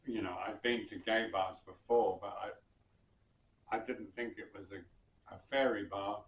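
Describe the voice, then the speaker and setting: A man from southern England recalls an old gig, pausing to think and chuckling softly as he goes. He speaks slowly, at a relaxed, drawn-out pace. The recording is roomy, with his voice set a little back from the mic. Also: on the low side. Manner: unhurried, reflective, with soft chuckles and hesitations. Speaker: musician and bandleader. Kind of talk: personal anecdote storytelling. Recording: roomy sound from some distance.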